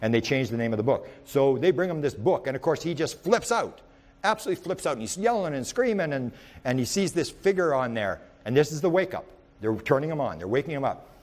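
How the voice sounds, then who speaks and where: Male lecturer with an average pitch who tells rambling anecdotes in the present tense and often restarts. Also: fairly quick. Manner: rambling, with frequent restarts and repeated words; animated storyteller who speaks in the present tense. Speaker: UFO researcher giving a talk.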